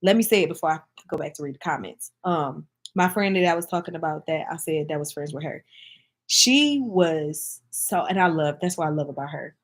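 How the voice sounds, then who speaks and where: A woman's voice: low-pitched, animated, a little fast. A woman from Michigan chatting casually to camera as a vlogger, speaking in an emphatic, heartfelt way and addressing her viewers directly.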